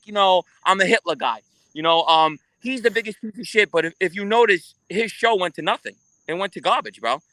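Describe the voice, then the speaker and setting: A man talking as a guest in a casual, profane interview, telling stories in an animated way. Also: high voice, no room sound. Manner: animated, swearing, storytelling.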